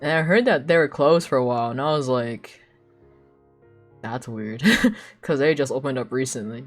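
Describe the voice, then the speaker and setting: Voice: medium pitch, a little fast, soft background music. A young adult streamer chatting casually while drawing, telling gossip, acting out what others said with gasps and lots of fillers. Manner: gossipy storytelling, acting out quoted people with gasps; filler-heavy, many "like"s. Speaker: live streamer.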